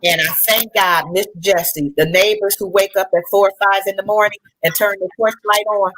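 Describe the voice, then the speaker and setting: A woman's voice: medium pitch, steady tone, normal speed, a bit bright, low-quality recording. A middle-aged woman recounting a personal story as a panel guest, earnest and conversational. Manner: earnest, conversational, with restarts and colloquial speech.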